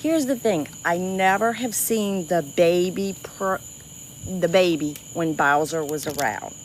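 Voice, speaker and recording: On the low side and unhurried, this woman's voice carries a South Louisiana Cajun accent as she casually chats with livestream viewers by the water. The stream is outdoors at night by a swamp river, with slight background noise. She laughs easily, restarts a lot, and is full of "y'all."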